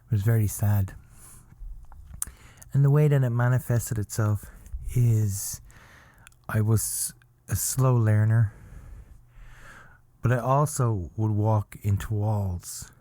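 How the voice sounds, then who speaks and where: A man from Ireland, telling a comic story as a podcast host in a halting, mock-earnest deadpan with long pauses. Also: on the low side, no room sound.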